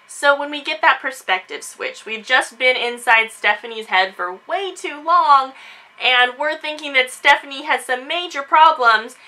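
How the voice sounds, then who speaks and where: A woman chatting casually in a book discussion vlog, animated and quick to act out quotes. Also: sits high, poor audio. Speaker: book reviewer.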